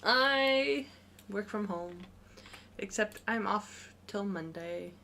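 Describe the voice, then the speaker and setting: A woman's voice: medium pitch, lively intonation, slow pace, creaky, sharp tone, slight background noise. A woman co-hosting a game stream, chatting casually and telling stories with frequent giggles. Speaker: gaming streamer co-host. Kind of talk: casual chat while playing a game.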